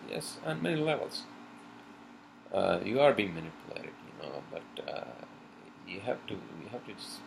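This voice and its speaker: Gravelly low-voiced man venting. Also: noisy background. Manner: rambling, swearing, venting in frustration. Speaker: podcast host. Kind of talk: informal video podcast chat.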